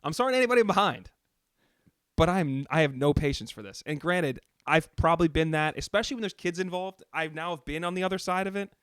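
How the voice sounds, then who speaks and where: A man's voice: a little high, expressive, fairly bright tone, smooth, no echo, clean studio sound. A man co-hosting a casual podcast, joking in an exasperated way. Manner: fast-talking, exasperated and joking. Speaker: podcast co-host. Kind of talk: casual chat.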